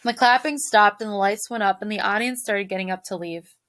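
A woman, a teacher, reading a children's novel aloud to her class in a lively storytelling manner. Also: medium pitch, fairly quick, dry recording. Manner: lively, shifts voices for characters.

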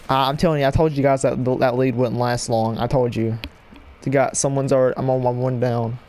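A man giving live gameplay commentary at his computer desk at home, excitable and yelling at opponents in bursts, on a cheap mic with no windscreen. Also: medium pitch, fairly quick, slight background noise. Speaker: gaming channel host. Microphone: cheap headset mic without windscreen.

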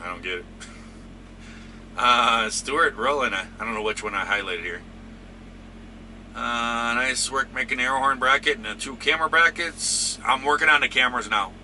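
A man's voice: mid-range voice, normal speed, pushed and bright, slight background noise. A man hosting a trucking channel, chatting casually and rambling through viewer comments with lots of fillers.

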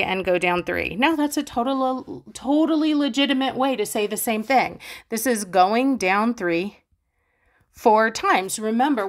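Casting note: woman math teacher, casual and chatty, mid-pitched voice, playful with her students. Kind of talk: casual explaining math lesson.

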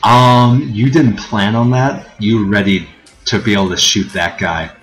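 Low-voiced man running a tabletop game. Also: fairly even intonation, a bit bright, faint music behind. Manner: thinks aloud with many fillers and pauses. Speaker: game master.

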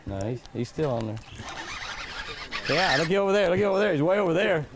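An older man hosting a fishing show from a boat, talking in a folksy, chatty way and exclaiming loudly as fish strike. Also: on the high side, expressive, quick pace, noisy background. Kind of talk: excited on-the-water commentary.

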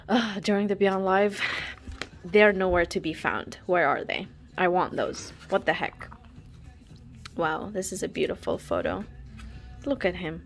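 A young woman chatting casually while unboxing albums, gushing and dramatic, full of laughs and sudden whispers. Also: medium pitch. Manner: gushing and dramatic, lots of "like" and "wow", frequent laughs, drops to whispers. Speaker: K-pop fan vlogger.

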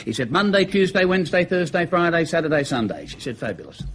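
Lively Australian man telling jokes. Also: on the high side, quick pace, a little hiss or hum, low-quality recording. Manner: lively joke telling, laughing at his own punchlines. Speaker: comedian. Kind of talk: stand-up joke telling.

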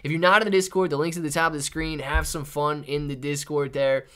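A man's voice: a little high, level tone, fairly quick, smooth. Young guy doing a live stream, chill and chatty, keeps saying man and dude. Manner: casual, reads chat names and shout-outs, says man and dude a lot. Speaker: livestream host. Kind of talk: live market stream chat.

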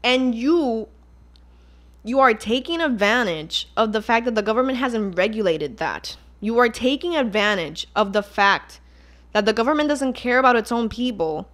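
A woman's voice: on the high side, animated, moderate pace, a bit bright. A young Puerto Rican woman with a Puerto Rican accent, hosting a casual solo podcast in a heated, exasperated tone, swearing and mixing Spanish into her English. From Puerto Rico. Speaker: podcast host.

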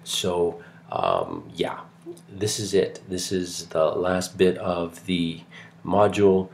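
A man's voice: deep voice, lively intonation, slow pace, gravelly, a little hiss or hum. A middle-aged man from Canada giving a recorded lecture in a chatty, digressive way, full of fillers and restarts.

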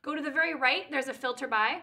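A woman's voice: high-pitched, vocal fry. A Canadian woman co-hosting a casual piano live stream, bubbly and easily sidetracked. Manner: bubbly and excitable, quick to get sidetracked. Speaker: piano teacher and co-host. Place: indoors at a piano.

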